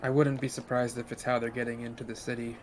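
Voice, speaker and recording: Guy at a tabletop game thinking out loud, totally flat monotone. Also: medium pitch, fast, slight background noise. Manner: speculative, reasoning aloud. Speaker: player. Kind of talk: in-character tabletop role-play.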